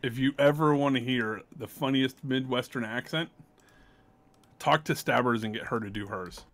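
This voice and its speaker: A man's voice: medium pitch, normal speed, a bit bright. A man co-hosting a live stream, making dry, teasing remarks in casual chat. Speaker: stream co-host.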